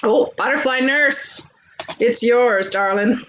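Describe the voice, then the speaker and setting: A woman with a Canadian accent, hosting a live vintage sale and chatting warmly with viewers as she shows jewelry. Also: fairly high pitch, takes it slowly, a little hiss or hum, rough recording. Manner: chatty and gushing, greets viewers by name. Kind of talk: casual live-stream selling.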